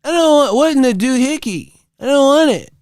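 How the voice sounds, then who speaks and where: A man's voice: lively intonation, brisk, no room sound, clean studio sound. A man mocking a whiny old-timey critic. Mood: whiny indignant. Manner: high mocking whine with old-timey words. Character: fussy folksy male boxing critic, whiny and indignant.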